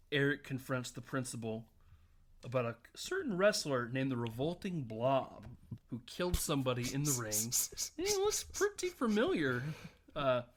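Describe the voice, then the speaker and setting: A man hosting a casual podcast, recapping a film scene by scene and acting out the lines, often laughing. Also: mid-range voice. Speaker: podcast host.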